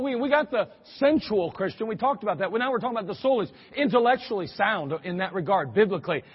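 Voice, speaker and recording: A man preaching a sermon in a church, animated and lively, acting out quoted reactions with sudden exclamations. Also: high-pitched, husky, long reverb tail, highs cut off.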